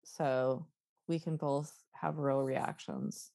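Gravelly-voiced woman podcast co-host. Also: a bass voice, big pitch swings, takes it slowly, dark tone, no echo, clean studio sound. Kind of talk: casual chat.

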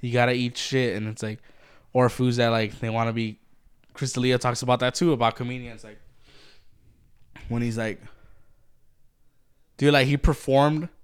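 A man's voice: medium pitch, fairly even intonation, moderate pace, long pauses, clear, resonant tone. A man co-hosting a podcast in casual chat, blunt and swearing constantly, with lots of "like". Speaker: podcast co-host.

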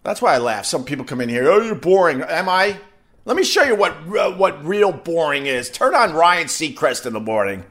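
A man spins a casual story for his live viewers, his pitch swooping up and down as he acts out what others said. His voice sits a bit high for a man, and he swears freely. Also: very animated, normal speed, a bit bright. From New York. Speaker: host chatting with live viewers.

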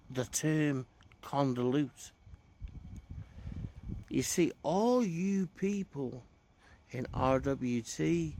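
A man's voice: a little high, creaky, darkish tone. A man giving a theatrical, smug wrestling character promo as a self-described heel.

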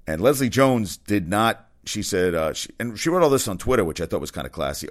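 A man's voice: fairly low pitch, big pitch swings, a little fast, hardly any pauses. A man hosting a casual opinion commentary, blunt and rambling, swearing freely. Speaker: commentary host.

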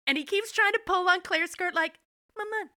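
A woman co-hosting a podcast, telling an episode's story in an animated, profane way. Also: very high voice, brisk, no echo, studio quality. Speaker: podcast co-host. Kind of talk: casual episode recap.

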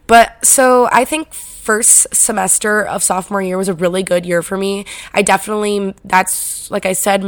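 A woman's voice: mid-range voice, no echo. Young woman, casual storyteller, filler-heavy, swears, dry close mic. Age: young adult. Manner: chatty, heavy "like" fillers, frequent swearing and laughing.

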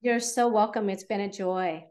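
A woman's voice: mid-range voice, normal speed, darkish tone. A woman guest on a podcast, a fertility coach explaining her methods in an earnest, conversational way with fillers. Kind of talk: podcast interview.

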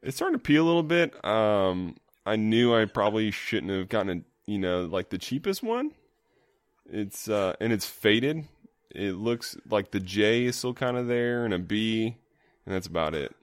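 A man with a low voice, joining a podcast and playing along with the jokes in a deadpan way. He is recorded close and dry, with no room sound. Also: moderate pace, dry recording. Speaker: podcast co-host. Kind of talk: casual comedic podcast chat.

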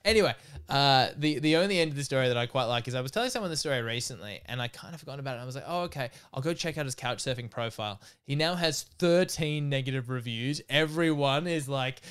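Man, podcast co-host, casual storytelling, clear smooth voice, laughs a lot. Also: medium pitch, fast talker. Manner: animated, laughs through his stories.

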